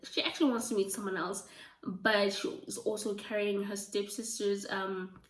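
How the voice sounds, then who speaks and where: A woman chatting casually about books she has read, gushing and full of fillers, her voice going a little hoarse. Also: mid-range voice, little pitch movement, normal speed. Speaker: book reviewer. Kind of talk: casual book review chat. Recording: roomy, from a distance.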